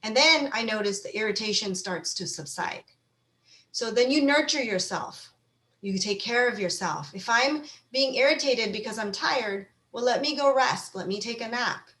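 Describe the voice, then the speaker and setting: A woman's voice: on the high side, animated, normal speed, a bit bright. A woman gives an encouraging wellness talk to an online panel audience. She speaks conversationally and livens up when she acts out everyday feelings. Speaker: mental health speaker.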